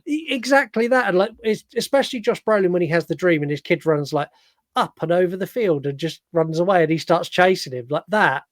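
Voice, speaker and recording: A man's voice: high voice, brisk, no echo, studio quality. A man co-hosting a casual film review podcast, laughing and acting out scenes as he talks. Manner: animated, laughing, acts out scenes. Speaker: podcast co-host.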